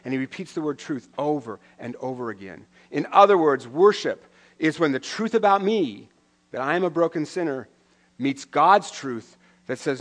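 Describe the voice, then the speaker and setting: A man's voice: on the high side, animated, moderate pace, a bit bright. A middle-aged man preaching a sermon in a conversational way, with wry asides and questions to the listeners. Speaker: pastor.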